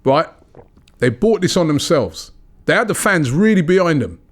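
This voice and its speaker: A man's voice: on the high side, big pitch swings, moderate pace. Brief: male podcast co-host, heated and emphatic football talk. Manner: passionate, emphatic, repeats "right?".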